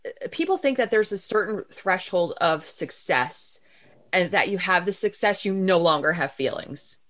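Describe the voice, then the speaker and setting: A woman's voice: lowish voice, animated, normal speed, fairly bright tone. A woman co-hosting a casual sports podcast, chatty, groaning often and restarting her sentences. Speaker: podcast co-host.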